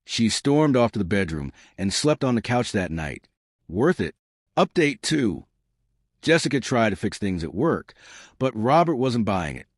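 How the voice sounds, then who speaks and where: A man narrating a scripted first-person story with wry, deadpan delivery. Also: fairly low pitch, unhurried, no room sound, clean studio sound.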